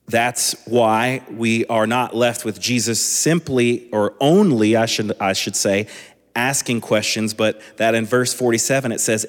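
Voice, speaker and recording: Man preaching casually in an echoing hall. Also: medium pitch. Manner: conversational, relaxed preaching with asides. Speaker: pastor. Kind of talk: sermon. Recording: long echoing hall reverb.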